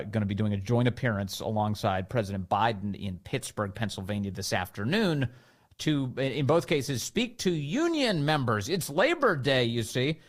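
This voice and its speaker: A man hosting a talk radio show, sarcastic and amused, speaking into a studio microphone. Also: lowish voice.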